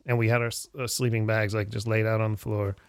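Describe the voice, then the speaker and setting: A man's voice: lowish voice, fast talker, clean tone, no room sound. Middle-aged man, casual storytelling, acts out quoted voices, lots of "like", dry room sound. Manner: animated storyteller who acts out quoted voices, many "like" fillers. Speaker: podcast guest or host recalling old travels. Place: indoor room shared with a friend.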